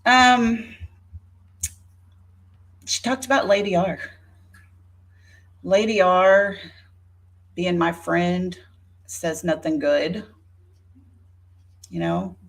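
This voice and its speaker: A woman's voice: fairly low pitch, drawn-out words, vocal fry, pauses often. A woman in her fifties giving an indignant, sarcastic rebuttal on her vlog, speaking straight to a rival by name. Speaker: YouTuber. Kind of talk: rebuttal vlog talking to viewers.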